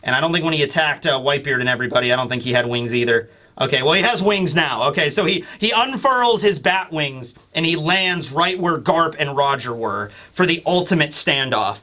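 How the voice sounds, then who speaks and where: A man hosting a casual manga chapter review, talking in an excitable, rambling way with casual swearing. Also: fairly high pitch, fairly quick.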